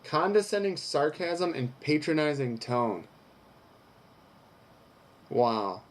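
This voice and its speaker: Medium in pitch and a little mellow, this young vlogger's voice moves at a moderate pace. He reads out an article before discussing it openly in a candid personal video, dropping the occasional swear word.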